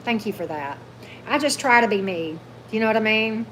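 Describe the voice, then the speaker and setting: A woman hosting a casual livestream, gushing, animated, and answering viewer comments. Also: fairly high pitch, moderate pace, slight background noise. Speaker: tarot channel host.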